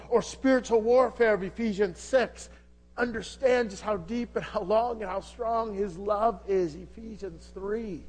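A man delivering a sermon in a notably high voice. He preaches with passion, drops to a hush, then builds again. He asks rhetorical questions all along. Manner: impassioned, rhetorical questions, swings from loud to hushed. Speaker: pastor.

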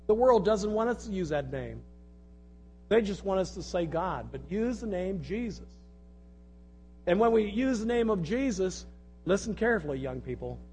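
Man, high voice, earnest sermon delivery, repeats phrases, faint background hum. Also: a little mellow, low-quality recording. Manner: earnest preaching with scripture quotes and repeated phrases. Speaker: pastor.

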